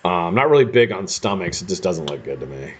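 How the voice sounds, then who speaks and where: A man's voice: low voice, very animated, fast, slight background noise. An American man hosting a live stream, chatting casually and rambling with casual swearing while he builds coils. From United States. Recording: dull lo-fi stream audio.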